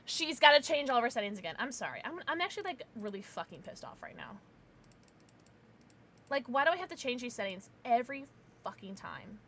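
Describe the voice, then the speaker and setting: A woman streamer talking to her chat in a loose, chatty way, with a fairly high voice that swings up and down a lot. She swears freely and calls out viewers by name. There is a faint hiss of noise behind her. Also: very animated, quick pace, fairly bright tone. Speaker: game streamer. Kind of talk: casual livestream chat.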